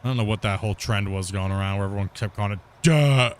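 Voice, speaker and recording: A man's voice: on the low side, fast. A man chatting casually while streaming a game, rambling, repeating himself and laughing easily. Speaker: gaming streamer. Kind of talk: casual chat while playing.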